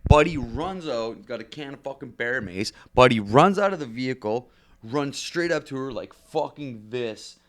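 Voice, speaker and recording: A man's voice: medium pitch, expressive, normal speed, fairly bright tone, dry recording. A man co-hosting a podcast in casual chat, laid-back and full of swearing and "like". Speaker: podcast co-host.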